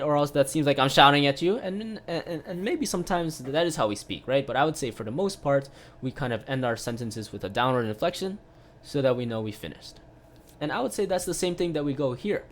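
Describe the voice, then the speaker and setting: A man's voice: mid-range voice, expressive, a little fast, slight background noise. A man giving a casual online piano lesson, explaining step by step with lots of "right?" tag questions and filler sounds. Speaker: piano teacher.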